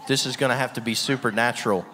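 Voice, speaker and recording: A man's voice: medium pitch, fairly even intonation, fast talker, bright, forceful tone, some chatter behind, a little hiss or hum. A man preaching a sermon with energy and emphasis, asking the room rhetorical questions and laughing often. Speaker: guest preacher. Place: church hall with long reverb. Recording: reverberant church hall.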